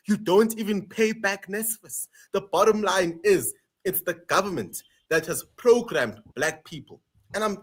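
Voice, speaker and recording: South african guy ranting hard on a video call panel, kinda high voice for a man, keeps hammering the same points. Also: a bit bright. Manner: emphatic, repeats points for stress. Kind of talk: passionate political commentary.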